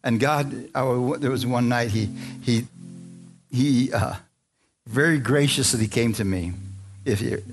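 A man's voice: medium pitch, a little slow, pauses often. A man preaching a sermon, telling a personal story in a conversational way and calling out to the congregation. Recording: music playing behind.

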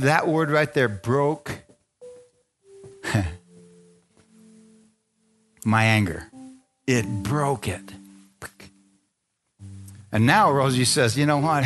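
A man preaching as pastor, reading scripture and telling his own testimony, asking the congregation for amens and rising into excited high peaks. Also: takes it slowly, pauses often, faint music behind. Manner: animated preaching, calls for amen, rises to high excited peaks. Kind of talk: sermon.

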